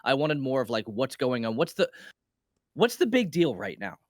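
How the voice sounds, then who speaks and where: A man's voice: mid-range voice, very animated, normal speed, no echo, clean studio sound. Rambling, laughing man on a podcast. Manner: rambling, laughs often, acts out scenes in quotes. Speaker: podcast co-host. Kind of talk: casual review chat.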